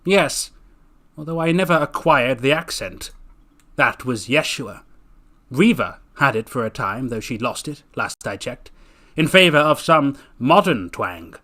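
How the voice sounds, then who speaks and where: A man voicing a friendly, silver-haired fox-like gentleman in a storybook reading. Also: medium pitch, lively intonation, unhurried. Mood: genial. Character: silver-haired fox-like male, genial, hospitable.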